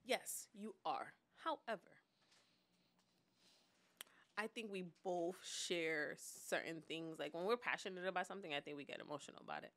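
A woman co-hosting a podcast in casual chat, talking in an animated, expressive way and laughing often as she tells stories. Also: lowish voice, normal speed. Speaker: podcast co-host.

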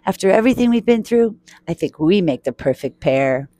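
A woman reading a storybook aloud and voicing a fussy, grumbling female mitten in a slightly raised pitch. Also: lively intonation, fairly quick, dry recording, lightly acted. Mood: tender. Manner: sharp and grumbling. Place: laundromat.

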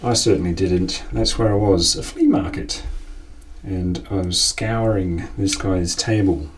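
A man's voice: sits low, fairly even intonation, measured pace. A man, hosting a casual collecting vlog as an enthusiastic, chatty storyteller. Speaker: collector and channel host. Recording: distant from the mic.

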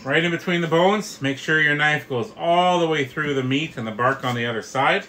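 A middle-aged man teaches a live barbecue class in a bright, clear, rather high voice. He explains each step to his viewers in a friendly, chatty way. A faint outdoor hum sits behind him. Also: moderate pace, low-quality recording. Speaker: barbecue instructor and host. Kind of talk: live cooking tutorial.

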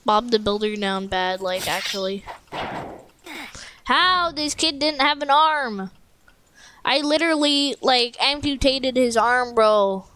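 A woman hosting casual gameplay commentary at a home computer mic, excitable, shrieking and joking while she plays. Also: a little high, takes it slowly, a little hiss or hum. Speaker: gaming channel host.

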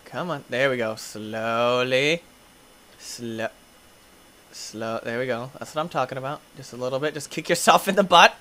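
A young man hosting a gaming video, giving excitable play-by-play commentary, often yelping, screaming at in-game injuries and laughing. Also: mid-range voice, moderate pace. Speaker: gaming channel host.

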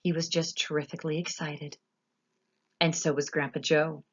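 A woman narrating a children's story with an expressive, animated reading. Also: low-pitched, normal speed, slightly rough, lo-fi sound. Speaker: audiobook narrator.

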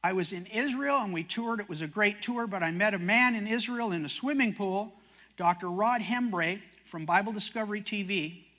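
A man's voice: high voice, normal speed, pushed and bright. An older man from Canada, a prophecy teacher and TV host, telling stories sermon-style and acting out dialogue. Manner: folksy storyteller, acts out dialogue in quotes. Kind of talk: sermon-style storytelling talk.

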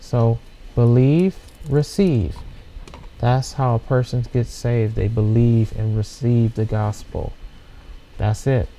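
Male preacher, bible study; unhurried, phrase-by-phrase delivery, dark tone, asks "See?" a lot. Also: mid-range voice, fairly even intonation, a little hiss or hum, low-quality recording. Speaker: preacher leading a scripture study. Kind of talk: informal bible teaching, reading verses and explaining them.

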